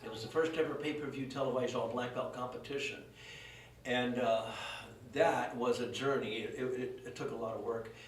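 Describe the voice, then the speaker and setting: A man's voice: mid-range voice, steady tone, moderate pace, slight background noise. A middle-aged man speaking at a memorial service, telling rambling, self-deprecating stories about a friend. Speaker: eulogy speaker. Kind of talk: storytelling tribute at a memorial service. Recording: echoey room, voice from a distance.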